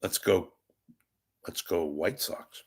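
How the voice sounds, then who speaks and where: A hoarse, congested man with a crackling voice, hosting his own show in a rambling comic monologue, joking at his own expense and swinging from loud to hushed. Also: sits low, takes it slowly. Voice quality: gravelly, crackling. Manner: wisecracking, self-deprecating, swings from loud to hushed. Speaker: podcast host asking for donations.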